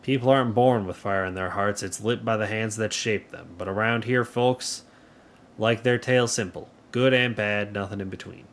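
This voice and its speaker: A man voicing a sorrowful, reflective frontier mother in a cowboy game, in a slow musing way. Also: on the low side, bright, forceful tone, slight background noise. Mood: wistful.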